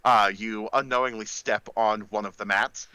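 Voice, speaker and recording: A man running a tabletop game as game master, describing scenes and calling for rolls in a relaxed way, with frequent pauses. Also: lowish voice, clear, resonant tone, no echo, rough recording. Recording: faint music behind.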